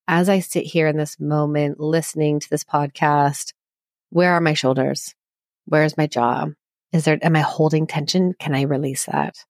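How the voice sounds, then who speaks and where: Low-voiced woman therapist, reassuring. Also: dry recording, studio quality. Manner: earnest, reassuring, explains with examples. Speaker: psychologist and couples therapist guest. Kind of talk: conversational podcast interview.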